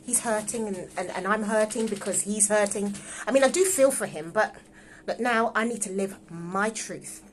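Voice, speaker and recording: A woman's voice: mid-range voice, normal speed, a little hiss or hum, natural voice. A woman reading a distraught young wife in love with her husband's friend, emotional and pleading, in a live script read-through over a phone. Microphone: phone on a livestream.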